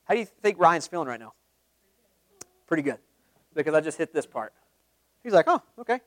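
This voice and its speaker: A man giving a live sales training talk to a group, energetic, quizzing the room with questions and acting out sample calls. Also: a little high, normal speed, dry recording. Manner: acts out sample phone calls.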